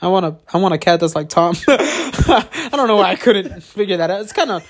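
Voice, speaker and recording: A man's voice: high-pitched, animated, brisk. A congested man co-hosting a casual chat, rambling, swearing a lot and laughing often. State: congested, coughing. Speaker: podcast co-host.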